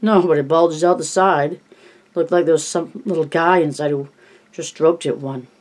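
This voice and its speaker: A reader voicing a quiet, sensible eleven-year-old boy in an audiobook, speaking in a calm, measured way. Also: mid-range voice, lightly acted.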